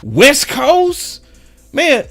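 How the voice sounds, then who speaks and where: A man's voice: extremely high pitch, wildly swooping pitch, very slow, a bit bright. A man hosting his own sports channel, delivering a slangy, emphatic fan monologue that repeats its points for weight. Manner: emphatic and repetitive, slangy and preachy. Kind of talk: fired-up fan commentary monologue.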